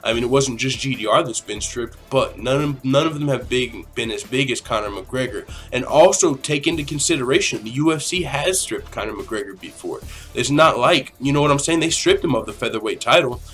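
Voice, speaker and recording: A man's voice: mid-range voice, a little fast, fairly bright tone. Young male podcast host for a casual Q&A, profane and rambling, with a mid-range voice and faint music behind.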